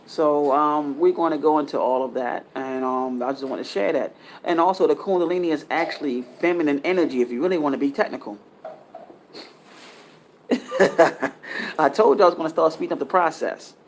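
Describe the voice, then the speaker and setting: A man's voice: a little high, fast talker, a little hiss or hum. Rambling man giving a spiritual talk. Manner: rambling, repetitive, restarts sentences; earnest, lecturing. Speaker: spiritual teacher.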